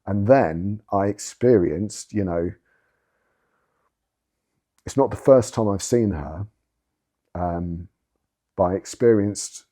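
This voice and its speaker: A man's voice: on the low side, takes it slowly, long pauses, warm tone. A man, giving candid personal testimony in an interview, earnest and emphatic, swearing for emphasis. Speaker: interviewee sharing his story.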